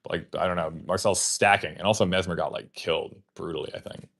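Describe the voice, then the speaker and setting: A man's voice: deep voice, fast, gravelly, a bit bright. A man hosting a livestream, telling a long casual story in a rambling way, full of fillers and swearing. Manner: acts out remembered conversations in his telling. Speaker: livestream host.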